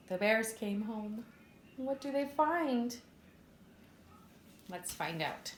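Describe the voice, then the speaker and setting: A preschool teacher, a woman, reading a story aloud and asking the children questions in a clear, expressive way. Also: on the high side, drawn-out words, long pauses, a little hiss or hum. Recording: echoey room.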